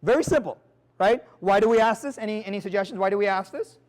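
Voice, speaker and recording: A man giving a live seminar talk as a sales trainer, energetic and emphatic, firing rhetorical questions at the audience in a quick, conversational way. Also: high voice. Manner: quick, conversational, with frequent restarts and "like" and "right?".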